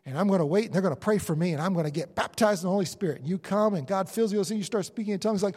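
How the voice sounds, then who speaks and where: Male preacher, high voice, lively sermon delivery, long reverb of a hall. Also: racing, few pauses, breathy edge. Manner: animated, acts out inner voices of believers.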